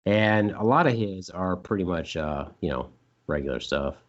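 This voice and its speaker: A man's voice: low voice, expressive, moderate pace, muffled recording. A man co-hosting a casual podcast chat, rambling and joking, now and then repeating silly words in put-on voices. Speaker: podcast co-host.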